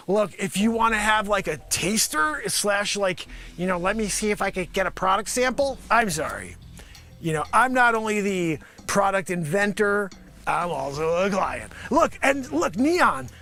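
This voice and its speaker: Animated high-voiced male improv comic. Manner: animated, wisecracking, swings loud and soft. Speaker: comedy show host. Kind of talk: improvised comedy pitch bit.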